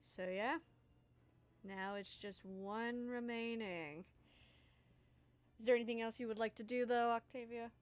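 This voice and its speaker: A woman's voice: on the high side, measured pace, long pauses, smooth. A young woman running a tabletop game as game master, loose and laughing, swearing casually.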